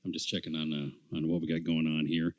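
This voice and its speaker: A middle-aged man co-hosting a podcast in casual chat, rambling and animated, with many fillers and restarts. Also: a bass voice, fairly quick, no room sound. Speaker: podcast co-host.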